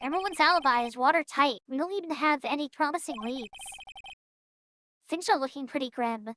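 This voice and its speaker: A woman's voice: high voice, fairly quick, sharp tone, slight background noise. A woman voicing a worried young male defense lawyer with a wry, downbeat manner.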